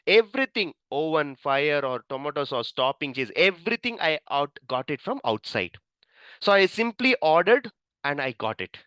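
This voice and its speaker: A man's voice: high-pitched, fairly bright tone, no room sound. A man teaching an online cloud computing class, telling a story, repeating phrases and putting questions to the class. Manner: repetitive, storytelling, quizzes the class. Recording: dull lo-fi, dry sound.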